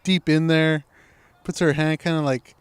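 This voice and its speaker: A man's voice: on the high side, fairly even intonation, unhurried, clear, resonant tone, no room sound. A man co-hosting a casual podcast chat, laid-back and rambling, with lots of "like" and "kinda". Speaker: podcast co-host.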